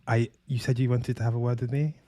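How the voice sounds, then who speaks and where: A man's voice: mid-range voice, level tone, fast talker, warm tone, pitched below the performer's own voice, natural voice. A man playing a pampered young prince husband who boasts cheerfully and obliviously, over a video call. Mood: breezy.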